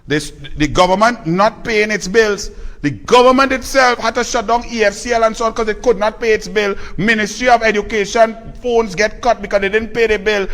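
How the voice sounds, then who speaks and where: A man's voice: high voice, fairly quick, a bit bright. A man with a Trinidadian accent delivering a scornful, combative political commentary rant.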